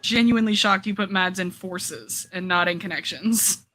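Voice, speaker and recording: Lady player w/ a really bright voice, blunt and jokey, casual stream chat. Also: mid-range voice, moderate pace, low-quality recording.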